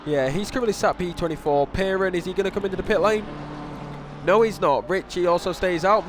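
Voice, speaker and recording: A man's voice: high-pitched, a little fast, slight background noise. A young man commentating a sim racing event live, casual and self-deprecating, often restarting his sentences. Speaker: race commentator.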